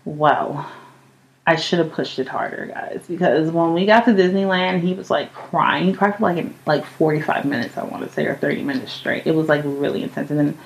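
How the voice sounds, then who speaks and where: A woman's voice: low-pitched, brisk, creaky, rough recording. A young adult woman hosting a podcast, telling a story in a casual, chatty way, full of "like" and loose swearing. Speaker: podcast host.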